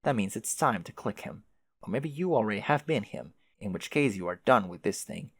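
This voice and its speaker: A man's voice: fairly low pitch, animated, moderate pace, fairly bright tone, husky, dry recording. A man reading a webcomic aloud with casual, wry commentary and the odd swear word. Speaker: webcomic reader.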